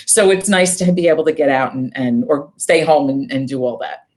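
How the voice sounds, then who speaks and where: A woman with a Brooklyn accent, a librarian chatting as a guest, upbeat and quick to laugh. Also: extremely low pitch, darkish tone. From Brooklyn, New York. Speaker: librarian and book-podcast guest. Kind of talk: casual chat.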